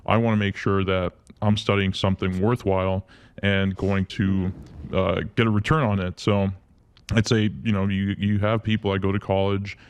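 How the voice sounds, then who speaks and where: A man's voice: sits low, little pitch movement, moderate pace, clear, resonant tone. A man co-hosting a podcast, talking casually and hesitantly with frequent fillers. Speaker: podcast co-host. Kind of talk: casual chat.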